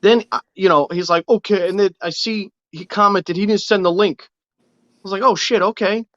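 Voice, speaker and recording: A man's voice: high-pitched, steady tone, moderate pace, a bit bright, dry recording. A man, co-hosting a podcast and telling stories in brash, profane banter. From New York City. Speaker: podcast co-host. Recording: dull lo-fi dry sound.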